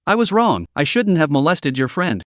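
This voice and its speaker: A frightened young bully who pleads and apologizes, voiced by a man narrating a comic recap. His voice is raised in pitch and recorded dry. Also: sing-song, moderate pace, fairly bright tone, no room sound. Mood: pleading. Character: scared young male bully begging.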